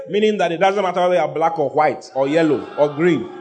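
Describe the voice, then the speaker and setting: Man, pastor, sermon, emphatic, repetitive, a bit higher voice. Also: steady tone, quick pace, few pauses, crowd noise. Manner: emphatic, repeats lines, has congregation repeat after him.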